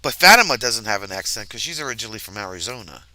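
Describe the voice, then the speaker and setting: Bright, chatty man with a lively voice. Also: fairly low pitch, racing. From New Jersey, near New York. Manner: chatty, laughs often, trails off mid-sentence. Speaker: livestream host. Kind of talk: casual chat. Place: RV campground, livestream.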